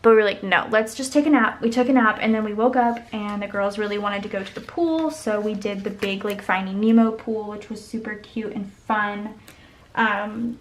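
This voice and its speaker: A woman's voice: medium pitch, normal speed. A young woman, chatting and rambling through a story while decorating her planner, filling it with "like". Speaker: planner vlogger.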